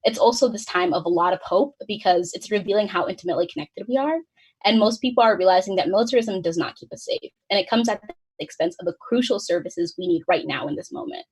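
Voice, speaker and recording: A woman's voice: mid-range voice, breathy edge, poor audio. A young woman in her twenties from the United States, a student organizer giving an earnest prepared speech on a webinar. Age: 20s. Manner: fast, earnest delivery read from notes.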